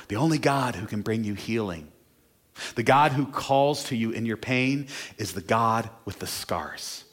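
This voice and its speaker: A male pastor preaching a sermon, moving from quiet, slow, tender lines to loud, emphatic declarations. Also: on the low side, expressive.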